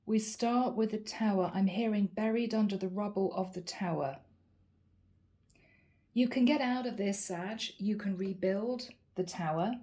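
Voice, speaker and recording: A woman's voice: mid-range voice, dark tone. A woman giving a channeled tarot reading to her viewers, earnest and encouraging, often repeating her key phrases. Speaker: tarot reader.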